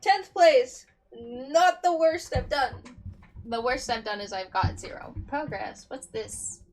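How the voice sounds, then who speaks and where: A woman's voice: sits high, slow. A woman streaming a shooter game, chatting casually and mocking her own play, with the odd swear. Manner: chatty, self-deprecating, swearing. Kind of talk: casual gameplay commentary.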